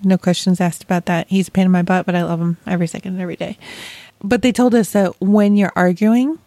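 A woman's voice: on the low side, fairly even intonation, dark tone, dry recording. Woman, podcast host, casual chat, candid, joking, dry sound. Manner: candid, joking, speaks in quick bursts.

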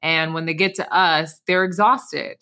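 A woman's voice: sits low, steady tone, a little slow, bright, forceful tone. A woman who works as a wellness coach and co-hosts a podcast, chatting casually and energetically with plenty of "like" and "you know".

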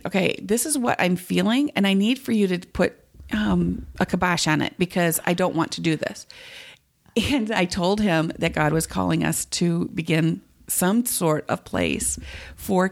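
A middle-aged woman telling her family's story as a guest, earnest and animated, acting out the dialogue as she goes. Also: medium pitch, creaky. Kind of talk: conversational storytelling.

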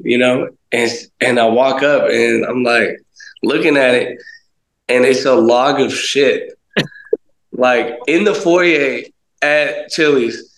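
A man's voice: mid-range voice, a little slow, creaky, roomy sound, rough recording. A man in his thirties, a guest on a podcast, telling a story in a casual, laughing way and acting out what people said. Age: 30s. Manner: laughing, animated anecdote with acted-out quotes. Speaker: guest, baseball pitcher.

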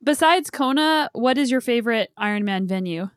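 A woman's voice: fairly high pitch, expressive, normal speed. A woman interviewing a guest, asking questions and laughing often.

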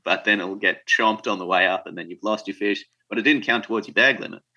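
A man's voice: lowish voice, quick pace, pushed and bright, lo-fi sound. A man from Tasmania with an Australian accent, a guest in a podcast interview, talking casually and a little hesitantly. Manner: hesitant, with many fillers and restarts.

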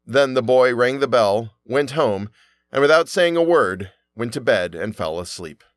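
Lively man reading a fairy tale. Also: mid-range voice, unhurried, no echo. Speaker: narrator. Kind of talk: storybook reading.

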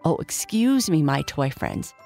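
Kindly, excitable toy rocking horse, raised bright voice, lively swings, read by a woman. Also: sits low, a little slow, faint music behind, full character voice. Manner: warm, excitable, exclaiming.

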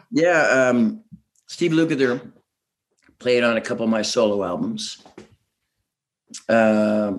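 Rambling, chuckling man telling stories. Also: lowish voice. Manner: rambling, chuckling, many restarts. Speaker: guest musician. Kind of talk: casual interview storytelling.

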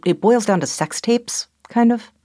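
A middle-aged woman author in a conversational interview, talking quickly and animatedly, dropping into quick voice impressions. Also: a little high, warm tone, dry recording, clean studio sound.

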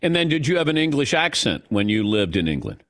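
A man hosting a sports radio show, asking questions in a quick, teasing, curious way. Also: mid-range voice, big pitch swings, a bit bright. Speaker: radio sports talk host. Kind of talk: casual radio interview. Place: radio studio.

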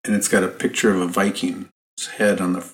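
A man with a fairly low voice chats on a podcast. He adds dry, deadpan wisecracks to the talk. His delivery stays relaxed. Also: a little fast, slight background noise. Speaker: podcast co-host. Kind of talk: casual chat.

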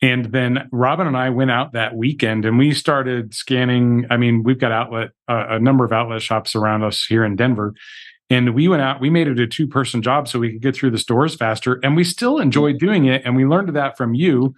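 A man's voice: mid-range voice, moderate pace. Man hosting a casual interview. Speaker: podcast host.

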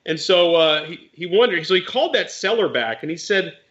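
A man's voice: on the high side, animated, brisk, fairly bright tone, lo-fi sound. A man, a real estate investor and mentor, telling a story in casual chat and explaining legal points plainly with animation.

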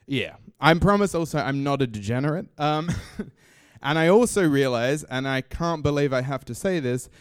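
Comic Australian storyteller on stage. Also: male voice, a little high, normal speed, clear, resonant tone, no room sound, studio quality. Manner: comic, animated storytelling with voices. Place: stage in a small venue.

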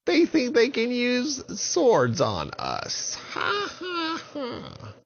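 Man voicing a cackling storybook witch, shrill and high, mocking, dull lo-fi sound. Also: wildly swooping pitch, very slow, vocal fry, husky, exaggerated voice.

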